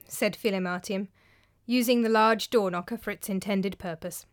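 A woman's voice: mid-range voice, moderate pace, dry recording, studio quality. A woman narrating a storybook tale expressively. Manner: expressive, animated. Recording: faint background music.

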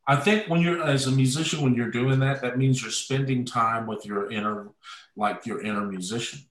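A man's voice: mid-range voice, moderate pace, fairly bright tone. A man speaking as a guest musician, thoughtful and searching for words as he reflects. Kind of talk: reflective conversation. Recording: echoey room, distant mic.

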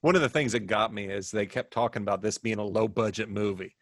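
A man's voice: fairly low pitch, fairly even intonation, fast talker. A man co-hosting a casual movie review chat, with dry, agreeable short replies. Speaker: podcast co-host.

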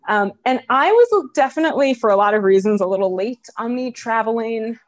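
Woman from new york guest, slightly high voice, dry close sound, wry and friendly. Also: animated, a little fast, dry recording. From New York City and rural New Jersey. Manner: friendly, wry, talks in long stories. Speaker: podcast guest. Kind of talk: casual interview chat.

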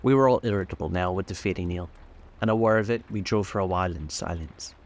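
A man narrating a classic novel aloud in a steady, measured way. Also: sits low. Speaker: audiobook narrator.

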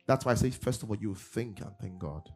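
A man preaching a sermon in church, swinging between loud bursts and low asides. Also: expressive, fairly quick, slightly rough, soft background music. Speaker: pastor. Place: church service.

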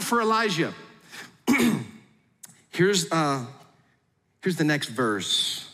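A middle-aged male pastor preaches in a big church hall, his fairly high voice trailing off into a long reverb. He talks to the congregation in a lively, conversational way, slipping into quoted voices to act out the scenes he describes. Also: slow, long pauses, husky. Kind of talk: sermon.

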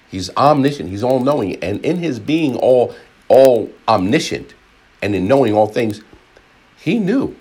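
A man's voice: medium pitch, slightly rough. A man preaching a sermon, rambling with frequent repeats and restarts, and acting out voices in his examples. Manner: animated, acts out crowd voices.

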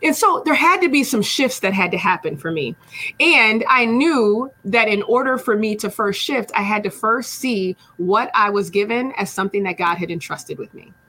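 A woman's voice: medium pitch, expressive, normal speed, bright, forceful tone. A woman hosting a talk about faith and money, explaining a parable in a conversational way and often checking in with the listener. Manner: conversational, with frequent tag questions and slang. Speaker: host. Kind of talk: faith-based personal finance teaching.

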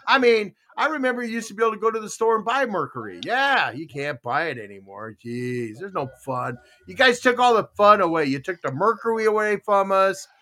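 Man, middle-aged, podcast host, bright tone, higher voice, animated storyteller, casual chat. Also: a little fast, hardly any pauses. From Tucson, Arizona.

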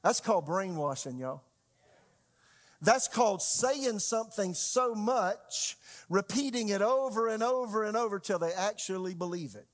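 A man preaching a conversational sermon, asking his congregation frequent rhetorical questions and swinging between loud and hushed delivery. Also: sits high, expressive, measured pace. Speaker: pastor.

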